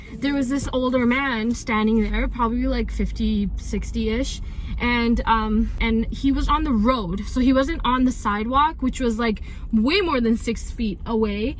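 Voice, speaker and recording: A woman's voice: fairly high pitch, fairly bright tone. A young woman vlogging casually on her phone, chatty and full of "like" fillers, talking in a car and then outside a store. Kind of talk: casual vlog chat. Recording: noisy outdoor and car phone audio. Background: car and street noise.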